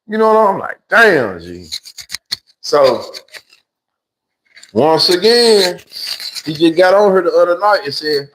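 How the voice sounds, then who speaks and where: A man's voice: high voice, big pitch swings, slow, pauses often, a bit bright, a little hiss or hum, poor audio. A man with a Memphis Southern accent telling a rambling, slangy story on a livestream, acting out other people's voices. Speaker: livestream host. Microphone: phone livestream.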